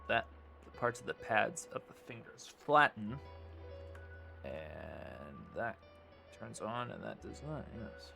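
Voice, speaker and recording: A man's voice: on the low side, big pitch swings, slow pace, vocal fry, sharp tone, soft background music. A man streaming a casual tutorial, thinking aloud and muttering as he works, with the odd swear. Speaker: streamer teaching 3D modeling.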